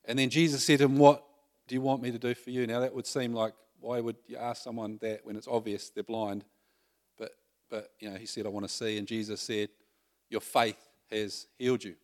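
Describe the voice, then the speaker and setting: A man's voice: lowish voice, little pitch movement, normal speed. A man preaching a sermon in a conversational way, often asking the congregation questions.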